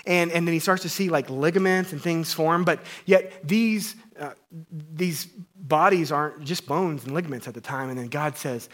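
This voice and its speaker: A man, a pastor in his thirties, preaching a sermon in a casual, playful way that swings between loud emphasis and hushed tones. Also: a little high, normal speed.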